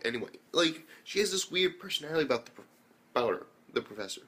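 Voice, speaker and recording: A man's voice: mid-range voice, racing, bright, forceful tone. Rambling, profane man reviewing anime. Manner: rambling, profane, acts out characters' lines. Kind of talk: casual spoken review.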